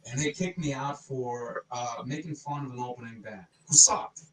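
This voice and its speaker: A man's voice: medium pitch, normal speed, echoey room, distant mic, a little hiss or hum, rough recording. Profane storytelling man, a bit off-mic. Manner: profane, rambling, animated anecdotes. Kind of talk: casual storytelling chat.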